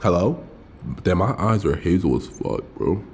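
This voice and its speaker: A man's voice: deep voice, animated, normal speed, darkish tone, a little hiss or hum. A young man streaming, telling a story in a loose, slangy way with lots of swearing. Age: young adult. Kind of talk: casual storytelling livestream.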